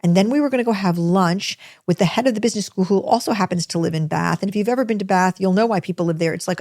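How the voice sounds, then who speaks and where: American woman, middle-aged, lowish voice, dry close sound, lively self-deprecating storyteller. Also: no echo. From United States. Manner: chatty, animated, self-deprecating. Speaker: host telling a personal story. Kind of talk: personal storytelling.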